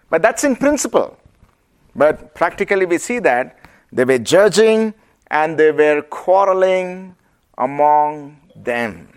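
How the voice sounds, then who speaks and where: A man with an Indian accent teaching the Bible to a group and asking them questions. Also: sits high. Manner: asks the audience questions, lively and engaging. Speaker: preacher.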